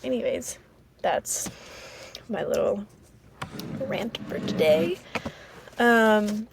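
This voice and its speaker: American woman, podcast host, solo casual chat; slow, vocal-fry delivery, halting and rambling. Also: mid-range voice, animated, noisy background. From Maryland, US. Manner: rambling and halting, with many fillers.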